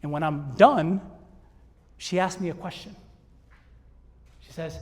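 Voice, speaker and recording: A man giving a keynote on a conference stage, telling a story in an animated way and acting out the voices. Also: fairly high pitch, slow pace, long pauses. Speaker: keynote speaker. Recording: long hall reverb.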